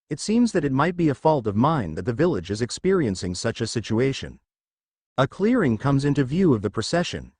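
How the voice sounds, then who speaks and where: A man's voice: mid-range voice, no room sound, studio quality. Man narrating a fan fiction story.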